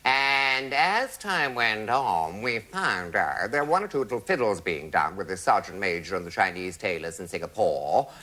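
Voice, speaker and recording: A man's voice: lowish voice, normal speed, hardly any pauses. A man telling a comic anecdote to a studio audience, arch and theatrical. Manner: theatrical, arch, animated storytelling. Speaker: comic raconteur.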